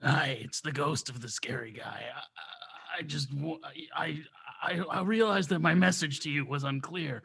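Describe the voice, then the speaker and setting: A woman voicing the halting ghost of a man who was an aging film actor, improvising comedy. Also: deep voice, creaky, a bit bright, husky, pitched below the performer's own voice, heavily acted. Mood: sheepish. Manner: halting, repeats words.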